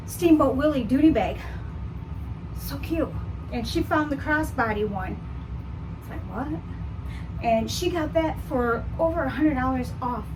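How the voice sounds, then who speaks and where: Vlogger woman from the Detroit area, high voice, rambling chat, a little far from the mic. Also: background noise. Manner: chatty and rambling, with frequent fillers. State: out of breath. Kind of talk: casual vlog chat. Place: indoors at home, then outdoors at a theme park.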